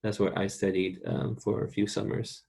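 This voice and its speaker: A man from the United States teaching a recorded online Spanish lesson, patiently repeating words slowly for students to practice. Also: fairly low pitch, steady tone, gravelly, mellow, slightly rough.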